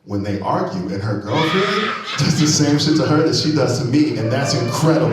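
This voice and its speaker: A man doing a stand-up comedy set on stage, animated and loud on punchlines, laughing at his own jokes. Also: medium pitch, fairly quick, a loud crowd. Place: comedy venue stage, live audience. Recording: very echoey hall, mic from far off.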